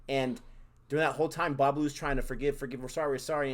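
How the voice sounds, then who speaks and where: A man with a mid-pitched voice, steadily recapping plot. He slips into short acted quotes, then drops back to calm commentary. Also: quick pace. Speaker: co-host reviewing a series. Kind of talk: casual review chat.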